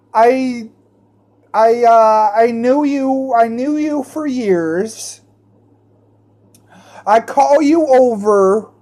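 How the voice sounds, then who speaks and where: In a very high-pitched, slightly mellow voice, a man rants through a rambling monologue laced with heavy swearing. He keeps repeating his phrases and often starts them over.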